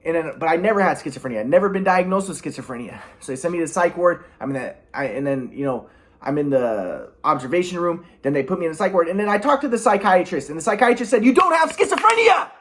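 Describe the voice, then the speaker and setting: A man telling a long personal story in a rambling monologue, halting often with restarts and repeated words and clearing his throat. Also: a little high, expressive. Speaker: vlogger.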